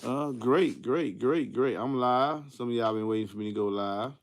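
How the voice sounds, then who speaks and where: A man hosting his own live stream, easygoing and chatty as he calls out viewers by name. His voice sits at an ordinary pitch with a gravelly edge. He talks in relaxed slang. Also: moderate pace. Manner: greets viewers by name, laid-back slang. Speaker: host of a live car audio Q&A stream. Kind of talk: casual livestream chat.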